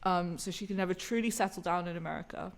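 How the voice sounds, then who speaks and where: A woman's voice: fairly low pitch, quick pace. A woman co-hosting a podcast, giving an earnest, analytical review of a theatre show. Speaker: podcast co-host reviewing a musical. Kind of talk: casual review chat.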